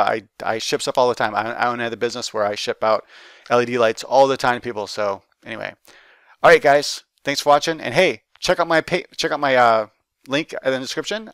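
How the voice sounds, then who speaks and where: A man's voice: mid-range voice, fairly bright tone, clean tone, no room sound. A man chatting casually to camera as an art teacher, upbeat and rambling with lots of fillers and restarts. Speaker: art teacher and YouTube host. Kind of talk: casual giveaway chat to camera.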